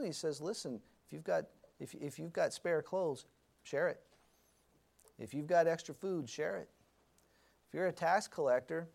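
A man's voice: a little high, a little mellow. A man teaching an adult Sunday school class in a conversational way, asking the group questions and correcting himself as he goes.

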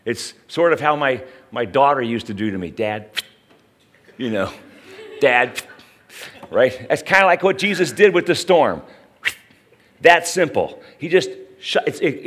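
A man's voice: on the high side, a bit bright. A middle-aged man preaching a sermon in a conversational way, often asking the listeners questions. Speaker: pastor.

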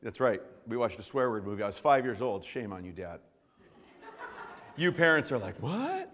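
American preacher guy, lively swoopy voice, keeps restarting lines and cracking jokes, echoey church hall. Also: lowish voice, normal speed. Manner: lively, joking storyteller with frequent restarts. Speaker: pastor. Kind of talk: sermon with prayer and personal stories. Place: church service. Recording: long reverb of a church hall.

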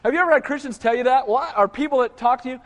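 High-voiced pastor preaching in a reverberant hall. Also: male voice, racing, fairly bright tone. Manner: conversational preaching with rhetorical questions and humor. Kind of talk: sermon.

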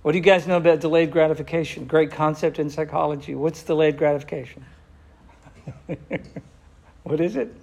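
A man preaching a sermon with passion, slowing down for emphasis and dropping almost to a whisper at times. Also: a little high, steady tone, vocal fry, darkish tone. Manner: impassioned, slows down for emphasis, drops to near whisper.

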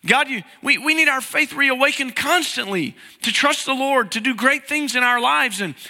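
A man's voice: very high-pitched, moderate pace, sharp tone. A man preaching a conversational sermon, asking the congregation questions and acting out inner voices. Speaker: pastor. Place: church sanctuary. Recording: long hall reverb.

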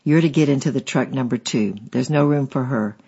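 A man reading an audiobook voicing a rude, bullying male truck driver who talks down loudly. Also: medium pitch, fairly quick, gravelly, slightly rough, dull audio. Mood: hostile. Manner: loud and scornful.

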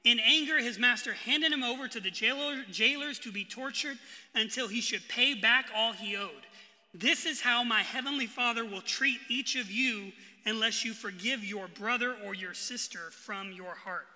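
A man preaching a sermon as pastor, swinging between forceful emphasis and hushed, quiet lines. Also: very high voice, normal speed, long reverb tail. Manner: preaching with sudden bursts of emphasis and hushed drops. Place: church hall.

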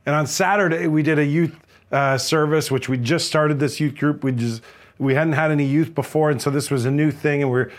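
A man's voice: a little high, fairly even intonation, a little fast. A man preaching a sermon as a pastor, telling a story in an earnest way, often restarting and repeating words.

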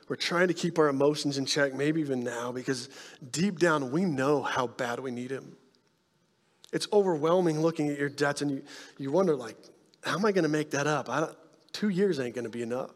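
A male pastor preaching a sermon, telling stories with animated energy and dropping to hushed tones to make his point. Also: high voice, in a large hall. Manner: animated storytelling, drops to soft hushed tones for emphasis.

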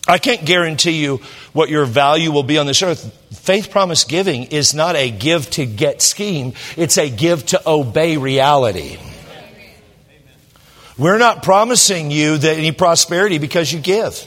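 A man's voice: fairly high pitch, expressive, normal speed, fairly bright tone, big-room sound. A man preaching a sermon in a church, telling stories conversationally with jokes and restarts. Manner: conversational, jokey, with many restarts. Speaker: pastor. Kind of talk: sermon with storytelling. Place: church sanctuary.

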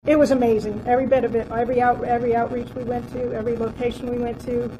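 A woman's voice: a little high, little pitch movement, fast, dull audio, noisy background. Woman giving a heartfelt church testimony. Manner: heartfelt, rambling with many fillers. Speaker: outreach team member sharing testimony. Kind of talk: personal testimony at church report.

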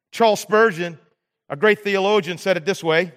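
A middle-aged male pastor preaching a sermon in a church, self-deprecating and animated as he tells stories. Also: high voice, brisk. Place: large church hall. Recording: hall reverb.

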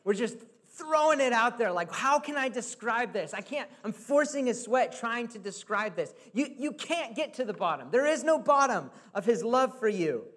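High-voiced earnest male preacher. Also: lively intonation, normal speed, hardly any pauses, a bit bright. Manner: conversational, earnest, asks "right?" often. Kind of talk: sermon.

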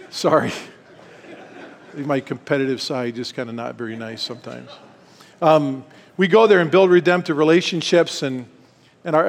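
A middle-aged man giving a casual, story-driven sermon at a retreat, folksy and self-deprecating with quick asides. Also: on the high side. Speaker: retreat speaker. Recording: long reverb hall.

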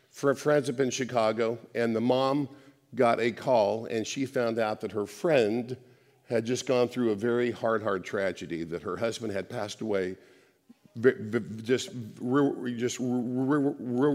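Man preaching in a reverberant hall. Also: medium pitch. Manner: conversational preaching with many restarts, dropping soft for emphasis. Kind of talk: sermon.

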